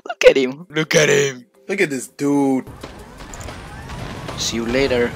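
A man giving loud, goofy commentary over his gameplay, yelling and laughing at the game. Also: medium pitch, lively intonation, takes it slowly, gravelly, long pauses, over music. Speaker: gaming streamer.

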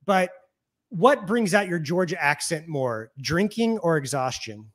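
Male podcast co-host from Missouri, higher voice, playful, teasing banter. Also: lively intonation, a little slow, fairly bright tone. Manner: teasing, joking. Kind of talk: casual podcast interview.

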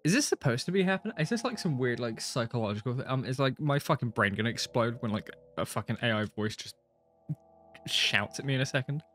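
A man's voice: mid-range voice, animated, fast talker, fairly bright tone, faint music behind. A young man reading a visual novel aloud and reacting to it, with casual talk, frequent swearing and laughs between lines. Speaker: gaming streamer.

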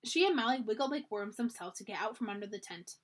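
Woman reading a kids chapter book out loud, husky voice that swoops all over. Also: on the high side, quick pace. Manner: expressive, animated narration. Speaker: library storyteller. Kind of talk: children's storybook read-aloud.

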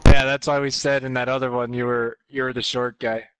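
A man from Minnesota with a Minnesotan accent, chatting casually on a voice call and telling stories in a halting, rambling way. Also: mid-range voice, level tone, fairly bright tone, clear, resonant tone. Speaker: guest on a voice call. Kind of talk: casual chat. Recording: noisy voice-chat line.

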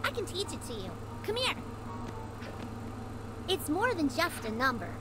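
A playful, coaxing video game mentor, teasing in a high, bouncy voice. Thick crowd noise fills the background of the game audio. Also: female voice, wildly swooping pitch, unhurried, heavily acted.

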